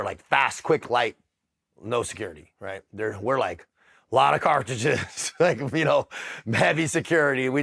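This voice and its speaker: A middle-aged man telling his story in a casual interview, blunt and profane, with frequent halting restarts. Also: lowish voice, creaky, a bit bright. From United States. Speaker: interview guest.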